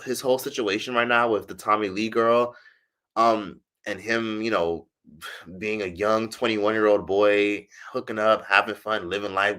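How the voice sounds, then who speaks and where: A man with an American accent chatting casually on a livestream, reading comments from his chat and answering them in a chatty, profane way with frequent laughs. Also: sharp tone. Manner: chatty, profane, laughs often, mimics others in high voices. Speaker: streamer reading live chat. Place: indoors in Algeria.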